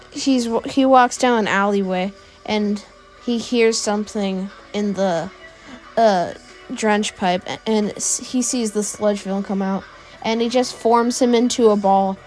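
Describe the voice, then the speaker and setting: Slow, rambling woman narrator for an improvised fan story. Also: medium pitch, darkish tone. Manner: rambling, with fillers and self-corrections.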